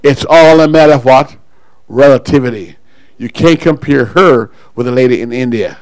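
A pastor preaching a sermon to his congregation, calling people up front and pausing for call-and-response. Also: medium pitch, darkish tone, no room sound, poor audio.

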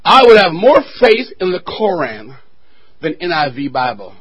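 A male pastor preaching a fiery sermon with call-and-response, building to shouted refrains. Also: fairly high pitch, big pitch swings, moderate pace, breathy edge, low-quality recording.

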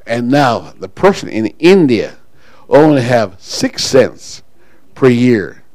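A pastor preaching a sermon to his congregation, calling people up front and pausing for call-and-response. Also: medium pitch, sing-song, darkish tone, no echo, poor audio.

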